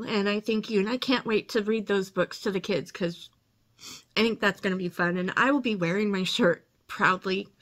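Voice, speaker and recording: A woman's voice: medium pitch, a bit bright. A woman hosting a casual unboxing vlog, gushing and emotional, teary and laughing often as she talks. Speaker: channel host.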